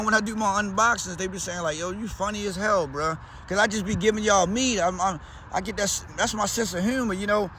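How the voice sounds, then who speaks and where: A man's voice: sits high, bright, forceful tone, a little hiss or hum. A man with a Baltimore accent, talking in a loose, slangy, rambling way as a vlogger. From Baltimore, USA. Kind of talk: casual rambling chat.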